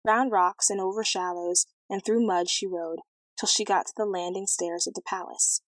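Woman narrator for an old fairy tale, measured and expressive, mid pitch, close dry recording. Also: dry recording, poor audio. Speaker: storyteller. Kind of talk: storybook reading aloud.

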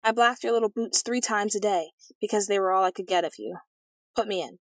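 A woman's voice: mid-range voice, a little fast, no echo, natural voice. A woman doing a cool, blunt young prince. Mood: earnest. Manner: cool, matter-of-fact and polite.

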